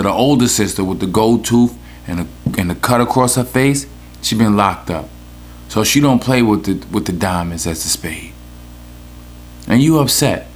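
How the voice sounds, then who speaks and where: A podcast host with a New York accent launches into a casual comedic rant that is profane, rambling and full of jokes. His voice is lowish, with slight background noise.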